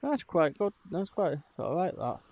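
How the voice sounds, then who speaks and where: A man hosting a laid-back live stream in a VR headset, talking in a fairly high voice. He rambles along with many fillers and asides to his chat. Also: very animated, unhurried, a little mellow. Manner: rambling, chatty, frequent fillers and laughs.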